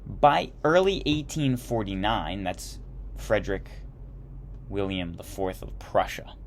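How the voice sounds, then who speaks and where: A man with a fairly low voice reads a history lesson straight from the textbook. He trips over words, corrects himself, and breaks off for casual remarks. A faint hum sits under his voice. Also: slow. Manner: stumbling reads with self-corrections and chatty asides. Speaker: history teacher. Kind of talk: reading a history textbook aloud.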